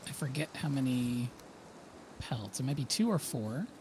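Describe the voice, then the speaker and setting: A man's voice: mid-range voice, animated, moderate pace, noisy background. A man co-playing a survival game on a stream, joking in a dry, self-deprecating way. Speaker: guest co-player. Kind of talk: casual gaming chat.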